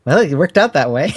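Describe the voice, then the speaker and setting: A man's voice: sits high, breathy edge. A man guesting on a podcast interview, talking in a rambling, hesitant way full of fillers and easy laughs. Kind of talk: casual interview.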